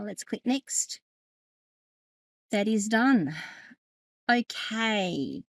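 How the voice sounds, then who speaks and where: A chatty, middle-aged woman explains a screen-share tutorial. Her voice sits at an ordinary pitch but has a lot of gravelly fry. The recording is close and dry, with no room sound. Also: no echo. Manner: chatty, laughs often, self-correcting. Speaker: tech educator and podcast host.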